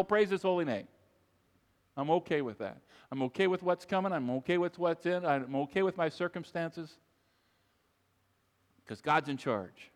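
In a church sanctuary with long, echoing reverb, a man whose voice sits high preaches at normal speed. As pastor, he speaks directly to the congregation, emphatic and repetitive.

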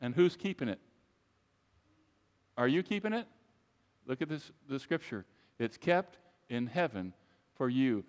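A man's voice: medium pitch, animated, unhurried, pauses often, a little mellow. Man preaching in a reverberant church. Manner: emphatic preaching with repeated phrases, addresses the congregation directly. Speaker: pastor. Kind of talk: sermon. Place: church sanctuary. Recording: long reverb of a large church.

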